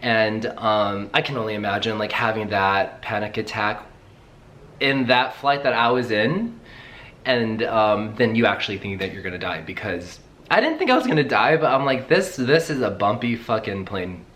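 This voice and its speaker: A young man in casual vlog chat, rambling and excitable, swearing casually as he talks. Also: fairly low pitch, normal speed, a little hiss or hum. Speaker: travel vlogger.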